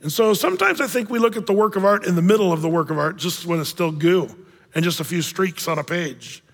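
A male pastor preaching in a church with a high, bright voice, animated and joking as he tells stories. The sound carries a long reverb from a big room. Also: fairly quick. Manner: animated, jokey storytelling with acted-out voices. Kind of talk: sermon.

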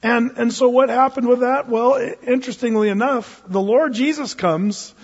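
In a reverberant hall, a pastor delivers a sermon built around a homespun personal anecdote, stumbling through fillers and restarts. His voice is very high-pitched and breathy, moving at normal speed, and the church recording sounds dull.

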